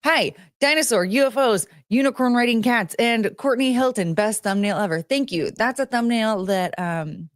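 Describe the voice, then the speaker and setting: A woman's voice: moderate pace, hardly any pauses, no echo. Giggly rambling woman streamer, dry sound. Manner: rambling and giggly, with lots of fillers and restarts; jumps between high excited greetings and low mumbling asides. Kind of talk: casual chat reading out chat names.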